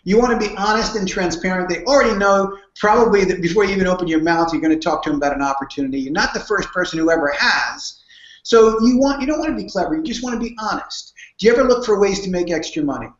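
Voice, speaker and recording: The audio is dull and roomy as a man with a high-sitting voice talks fast, answering interview questions about prospecting. A guest speaker on network marketing, he tells earnest stories and often begins his sentences again.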